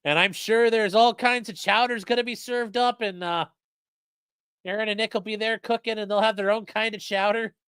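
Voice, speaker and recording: A man's voice: sits high, moderate pace, clear, resonant tone, dry recording, clean studio sound. A man co-hosting a livestream, reading sponsor spots in a rambling, sarcastic, joking way and talking straight to the chat. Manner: sarcastic, rambling, deadpan jokes addressed to chat.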